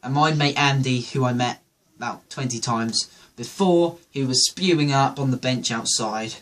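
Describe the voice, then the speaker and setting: A man's voice: medium pitch, normal speed, fairly bright tone. A man hosting a show, telling a rambling, jokey comedic monologue. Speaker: host.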